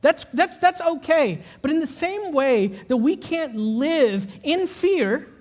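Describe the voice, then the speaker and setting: A man preaching a live sermon, telling stories with animated energy and then dropping to quiet, intense urging. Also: very high voice, takes it slowly. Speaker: pastor. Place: church auditorium, live congregation. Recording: long hall reverb from a live church auditorium.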